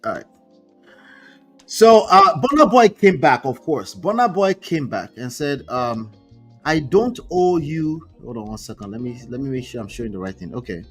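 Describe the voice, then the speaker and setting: A man's voice: mid-range voice, expressive, normal speed, a bit bright, husky, soft background music. A man hosting a casual live stream, reading posts aloud and reacting with chatty asides. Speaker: relationship commentary host.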